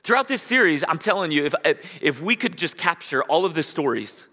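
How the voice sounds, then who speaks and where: A man's voice: fairly high pitch, big pitch swings, a little fast, sharp tone. A man preaching a sermon as pastor, reading scripture and building to emphatic bursts. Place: church sanctuary. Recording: long hall reverb.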